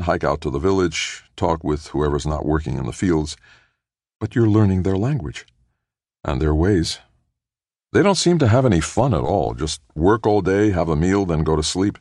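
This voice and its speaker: A man's voice: sits low, big pitch swings, moderate pace, dry recording, studio quality, exaggerated voice. A man voicing an earnest astronaut. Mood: cheerful. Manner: earnest, hushed. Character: man, an astronaut making first contact with aliens. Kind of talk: audiobook character voice.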